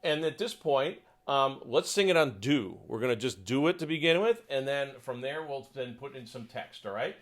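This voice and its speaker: A man's voice: expressive, moderate pace, few pauses, poor audio. Man coaching sopranos with sung demonstrations. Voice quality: sings in falsetto. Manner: counts in and sings parts. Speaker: choir conductor. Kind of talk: choral coaching lesson.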